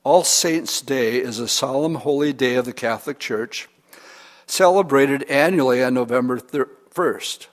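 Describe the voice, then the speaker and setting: A man preaching from the pulpit with a mid-range voice, relaxed and chatty, slipping into little acted-out prayers and asides. The hall rings with a long reverb behind him. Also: mid-range voice, a little slow. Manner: conversational preaching with humor and quoted examples. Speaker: pastor. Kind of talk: sermon.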